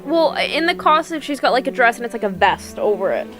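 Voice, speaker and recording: A woman's voice: on the high side, very animated, fairly quick, over loud music. A woman co-hosting a let's play, chatting casually in rambling, restart-filled sentences. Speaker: co-host. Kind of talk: casual gaming banter.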